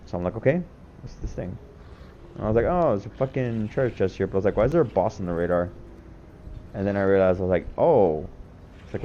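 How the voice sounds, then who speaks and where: A man's voice: lowish voice, warm tone. A young man casually commentating on his own gameplay clips, rambling and swearing with lots of filler words. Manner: rambling, profane, laid-back, heavy on filler words.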